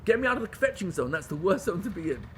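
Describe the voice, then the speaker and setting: A man teaching a Torah class to a group. He questions his listeners and swings between loud pleading and hushed intimacy. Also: high voice, big pitch swings, fast, a little hiss or hum. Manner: questions the audience. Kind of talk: Torah lecture to a live group.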